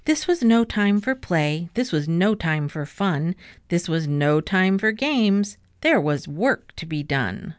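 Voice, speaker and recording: Slow, expressive woman reading a rhyming story. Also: lowish voice, no echo. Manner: expressive, rhythmic rhyme reading. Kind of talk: reading a children's book aloud.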